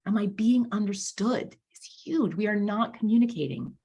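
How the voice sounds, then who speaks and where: A woman speaking as a guest voice coach in a casual podcast interview, animated, often checking in with "right?" and repeating words for emphasis. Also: medium pitch, moderate pace, breathy edge.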